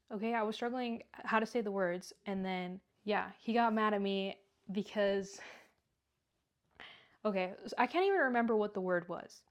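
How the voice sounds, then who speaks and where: Young woman, casual storytime vlogger, rambly, lots of "like". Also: medium pitch. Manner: rambling, heavy use of "like".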